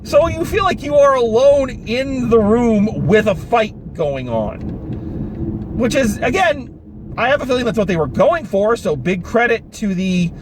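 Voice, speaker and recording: A man giving a casual, animated review of a film, talking with exasperation and some swearing, recorded in a car. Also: very high voice, measured pace. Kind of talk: casual spoken movie review. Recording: noisy car interior.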